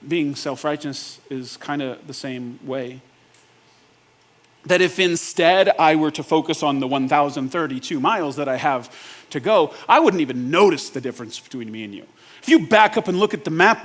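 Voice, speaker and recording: Man, pastor, sermon, casual joking delivery, talks straight to the congregation, voice pitched a bit high. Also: a bit bright. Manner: asks the audience rhetorical check-ins.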